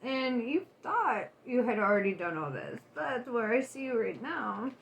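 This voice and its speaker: High-voiced woman doing a casual tarot reading. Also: sing-song, unhurried, vocal fry. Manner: candid and loose, swears and laughs often. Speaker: tarot reader.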